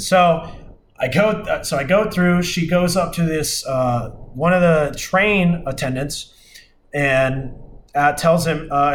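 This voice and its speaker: A man's voice: a little high, steady tone, moderate pace, fairly bright tone, a little hiss or hum. Rambling young man telling a story. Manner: rambling, many fillers and restarts, exasperated retelling. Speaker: podcast host. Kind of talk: casual storytelling.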